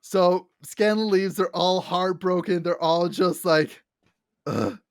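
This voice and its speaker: A young adult woman co-hosting a casual podcast, excitedly retelling scenes with lots of likes, restarts and acted-out quotes. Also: lowish voice, takes it slowly, smooth, no room sound, clean studio sound. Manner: animated storyteller, acts out quotes with many likes and restarts. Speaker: podcast co-host. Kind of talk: casual fan chat.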